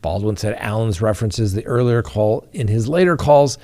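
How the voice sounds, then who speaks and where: A man's voice: fairly low pitch, lively intonation, moderate pace, dark tone. A man hosting a crime news show, explaining courtroom rules and reading out trial testimony to his viewers. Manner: explanatory, addresses viewers directly. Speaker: host. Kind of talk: legal commentary on a trial.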